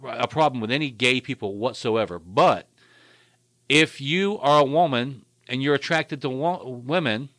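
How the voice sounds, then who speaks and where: Young male podcast co-host; profane, meandering casual talk, medium pitch, dead-dry sound. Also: unhurried, a bit bright, dry recording. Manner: rambling, profane, keeps saying "you know what I mean". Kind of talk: crude casual chat.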